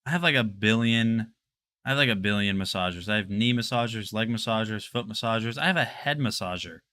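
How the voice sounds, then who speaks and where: A young man hosting a live product showcase stream, chatting casually and excitably straight to his viewers. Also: fairly low pitch, fairly quick. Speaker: livestream product showcase host.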